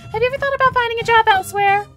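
A woman voicing a chatty, nosy young German woman tourist in her twenties, talking high and prying. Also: rapid-fire, a bit bright, faint music behind. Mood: curious. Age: 20s.

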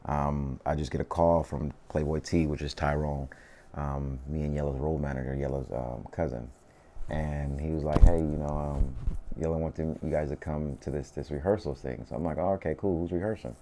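Super deep southern california dude, mellow dark voice, laid back slangy storytelling, lots of you know what i mean. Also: male voice, level tone, normal speed. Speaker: interview guest, rapper. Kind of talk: casual storytelling interview.

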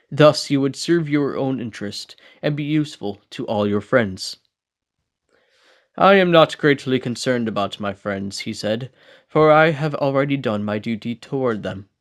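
A man reading an old philosophical book aloud as an amateur audiobook, steady with small slips and restarts. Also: mid-range voice. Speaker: audiobook reader.

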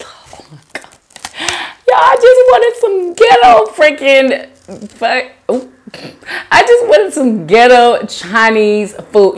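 A woman eating on camera and talking to her viewers in a loose, chatty way, her voice swooping up and down in lively pitch. She talks slowly, often drawing out words, and leans on "y'all" constantly. Chewing and small hums sit close on the mic. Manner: chatty, animated, says "y'all" a lot, chewing sounds. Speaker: mukbang vlogger. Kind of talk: casual eat-with-me chat.

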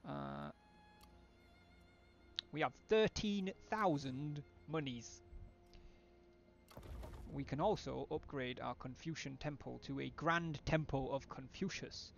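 A man's voice: a little high, takes it slowly, vocal fry, long pauses, highs cut off, soft background music. A man thinking aloud with wry asides as he streams a strategy game live.

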